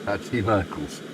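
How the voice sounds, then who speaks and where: Low, unhurried Australian man streaming. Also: background noise. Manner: chatty, muttering asides to the game. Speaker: game streamer. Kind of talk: live stream commentary, reading chat.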